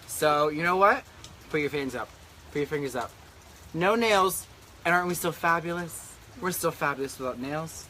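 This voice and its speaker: A campy man hosting in drag, his voice pitched a bit high with a bright, sharp edge. He chats in a sassy, profane way into a handheld camera out on a humid deck, with a faint hum of outdoor ambience behind him. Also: expressive, moderate pace, pauses often. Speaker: drag queen host. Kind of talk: casual chat. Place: outdoor back deck in humid rainy weather.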